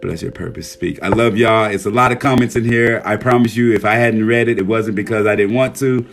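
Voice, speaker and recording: A hoarse man hosting a casual livestream, reading out viewer names and speaking earnestly, with frequent swearing. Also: lowish voice, steady tone, a little fast, over music. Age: adult, a military veteran. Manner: warm shout-outs reading viewer names. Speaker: livestream host.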